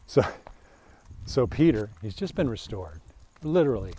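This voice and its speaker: A man's voice: medium pitch, very animated, normal speed, long pauses, warm tone. A man talking casually about a gospel passage, rambling and irreverent, with laughing asides, recorded outdoors with faint background noise. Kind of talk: casual bible talk.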